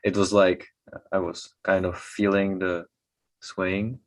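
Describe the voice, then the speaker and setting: A man taking part in a class, chatting in a casual, halting way. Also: low voice, flat delivery, rough recording. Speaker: class participant.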